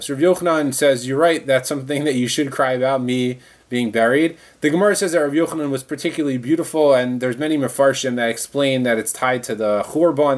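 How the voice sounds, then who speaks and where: A man leads a Talmud class, reading each line aloud before explaining it in everyday words. His pitch sits in a plain middle range, and he often restarts a phrase as he thinks it through. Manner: reads the text, then explains it in plain conversational words, with restarts. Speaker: Talmud teacher. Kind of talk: Talmud lesson, reading and translating.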